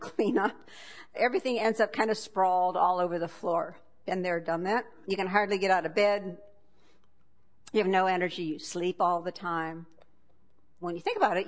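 A woman giving a conversational talk, reading passages from a book and adding wry asides with frequent chuckles. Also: fairly low pitch.

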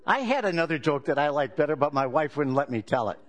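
A male pastor delivers a sermon in a relaxed, conversational way, leaning on jokes and stories. His voice sits a little higher than most men's. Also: quick pace.

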